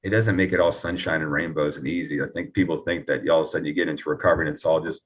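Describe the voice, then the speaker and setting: A man telling his recovery story earnestly and reflectively as an interview guest, often pausing and restarting. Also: a bass voice, fairly even intonation, recorded from a distance, lo-fi sound.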